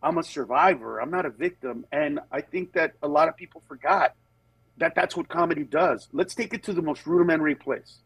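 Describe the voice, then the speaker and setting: A man, a comedian, talking casually in a conversational storytelling way, lively and quick to slip into impressions of other people, then earnest and steady on serious points. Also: a little high, gravelly, slightly rough, dry recording, poor audio. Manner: animated, jumps into acted voices of others. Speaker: comedian guest on a talk show.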